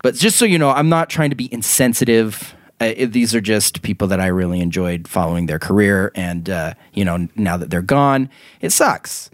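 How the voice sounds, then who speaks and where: A young adult man hosting a casual podcast chat, rambling and halting, with many fillers and quick laughs. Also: lowish voice, dry recording, clean studio sound. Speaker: podcast host.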